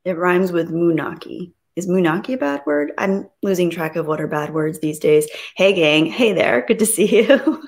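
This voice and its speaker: A woman hosting a casual live stream, greeting viewers and reading their messages aloud, soft and reflective when she talks about grief. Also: on the low side, normal speed, few pauses.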